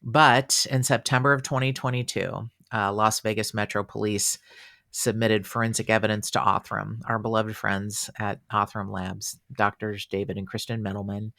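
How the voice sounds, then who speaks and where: A man hosting a casual true-crime podcast, chatty and animated, with fillers and exclamations. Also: fairly low pitch, normal speed, vocal fry, dry recording, studio quality. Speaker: podcast host.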